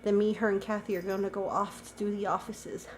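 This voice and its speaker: A woman's voice: medium pitch, flat delivery, a little fast, noisy background. Chatty young woman vlogging. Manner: chatty, lots of "like" fillers. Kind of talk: casual daily vlog.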